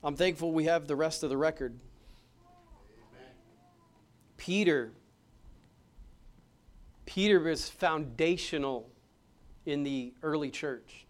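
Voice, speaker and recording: Man, pastor, high voice, preaching from soft to forceful. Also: takes it slowly, pauses often. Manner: dynamic preaching, swings from hushed to loud and emphatic. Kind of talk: sermon. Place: church.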